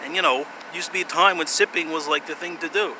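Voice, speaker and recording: Man, thirties, halting rambler in a fairly high register, recorded outside with street and car noise. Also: fairly even intonation. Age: 30s. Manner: halting, rambling, many fillers and restarts. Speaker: vlogger. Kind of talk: rambling monologue to camera. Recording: outdoor street noise with passing cars.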